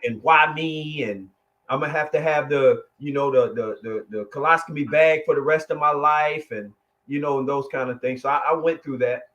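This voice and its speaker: A man, a guest telling his testimony in an emotional, halting way with many restarts. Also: fairly high pitch, fairly bright tone, highs cut off. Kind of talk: conversational testimony.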